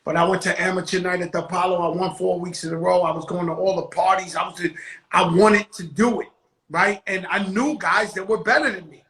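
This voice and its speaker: A man's voice: high voice, fairly even intonation, brisk, fairly bright tone. A man hosting a casual interview, talking in a loose, emphatic way that repeats words. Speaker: host, rapper.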